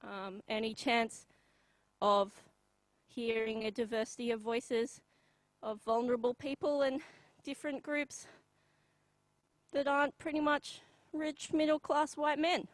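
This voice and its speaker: A young Australian woman performing a live comedy bit, deadpan and halting, with many pauses and ums. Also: on the high side, dry recording, poor audio.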